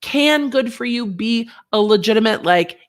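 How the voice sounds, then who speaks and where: A woman hosting a casual livestream talks in a fairly high voice at a slightly slow pace. She's chatty and animated, reading viewer comments aloud, and sounds a bit unwell from a sinus infection.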